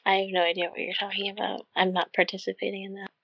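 A woman's voice: mid-range voice, flat delivery, fast talker, creaky, fairly bright tone, slightly rough, no echo. A woman co-hosting a podcast in casual chat, dropping dry teasing quips. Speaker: podcast co-host. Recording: slightly dull lo-fi sound.

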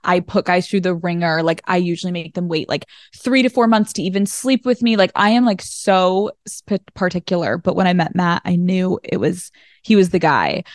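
A woman's voice: on the low side, normal speed, no echo, studio quality. A woman chatting as a podcast guest, telling stories with lots of "like" and acting out conversations. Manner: chatty storyteller, heavy use of "like"; acts out quoted dialogue. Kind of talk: casual interview chat.

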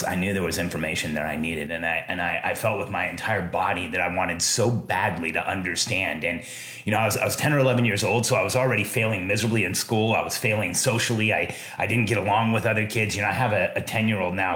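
A man's voice: deep voice, bright, forceful tone, roomy sound. A man in his forties telling a personal story in an earnest, rambling way with many restarts. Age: 40s.

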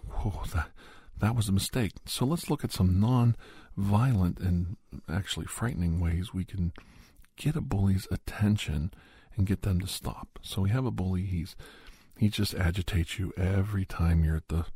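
A man's voice: deep voice, dark tone, breathy edge, no echo. A man talking casually and at length, giving advice in a rambling, conversational way and acting out quotes. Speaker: advice giver.

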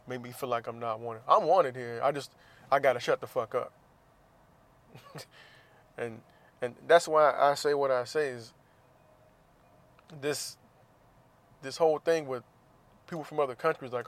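A man's voice: mid-range voice, a little slow, pauses often. Profane, fired-up man ranting. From United States. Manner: profane, impassioned, laughs often. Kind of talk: casual talk.

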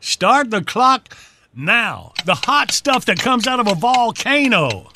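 Male radio host, very high voice, lively pitch, upbeat quizmaster patter. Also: slow, background noise. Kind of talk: radio game show hosting.

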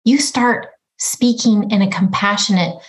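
A woman's voice: medium pitch, a little slow, low-quality recording. A middle-aged mother talking earnestly as a podcast guest, often acting out her own inner voice. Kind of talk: reflective conversation.

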